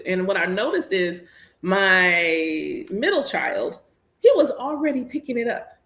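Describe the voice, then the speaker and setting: An animated, candid woman in her thirties chats casually while she works, joking as she goes. Her voice sits at a middle pitch for a woman. The room around her is echoey. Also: slow pace. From United States. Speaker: priestess and host. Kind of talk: casual chat while working.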